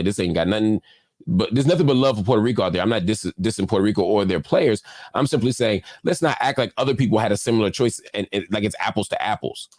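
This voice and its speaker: A man's voice: fairly low pitch, darkish tone, no room sound. A man hosting his own show, giving an impassioned, emphatic commentary monologue that repeats phrases for effect. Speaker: show host. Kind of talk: live-stream commentary monologue.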